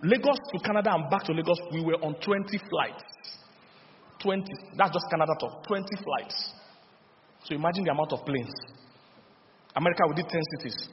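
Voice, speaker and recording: Middle-aged Nigerian male pastor, fairly high voice, lively and animated sermon, dull reverberant recording. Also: fairly quick, pauses often, a little hiss or hum. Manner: lively storytelling with laughs and call-and-response. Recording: dull lo-fi sound with long hall reverb.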